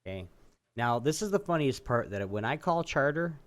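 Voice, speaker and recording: A man co-hosting a podcast, ranting in casual chat and acting out phone calls with swearing, jumping from loud outbursts to low mutters. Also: moderate pace. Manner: animated storytelling, swears, acts out phone calls. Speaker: podcast co-host.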